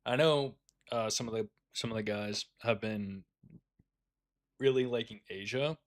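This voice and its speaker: A man's voice: lowish voice, a little slow, dry recording, clean studio sound. A man giving casual live commentary on his day trades, laid-back and swearing freely as he talks with fellow traders.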